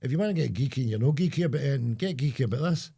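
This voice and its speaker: A man's voice: medium pitch, lively intonation, very fast, gravelly, warm tone, slightly rough. A Scottish man co-hosting a podcast, chatting in a joking, rambling way. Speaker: podcast co-host. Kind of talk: casual chat.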